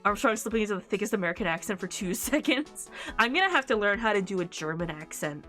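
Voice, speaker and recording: A woman streamer chatting casually and excitedly while playing through a game, with giggly asides. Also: medium pitch, quick pace, faint music behind.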